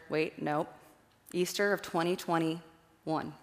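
A young woman from Iowa tells stories in an animated, chatty way during a faith talk. Her voice sits a little low, with a gravelly fry at the ends of phrases. It rings out in a large, echoey hall with a long reverb tail. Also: slow pace. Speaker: speaker giving a faith talk. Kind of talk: personal storytelling talk with slides.

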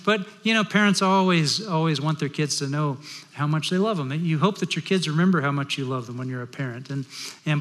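Middle-aged male pastor, somewhat high voice, storytelling sermon, echoing sanctuary. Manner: storytelling, shifting from loud to hushed. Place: large worship hall. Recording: long hall reverb.

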